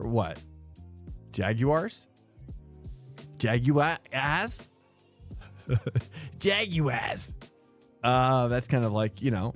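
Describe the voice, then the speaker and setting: A man's voice: medium pitch, darkish tone. A man streaming sim racing, chatting loosely with viewers and saying dude and bro. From United States. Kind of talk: casual live-stream chat.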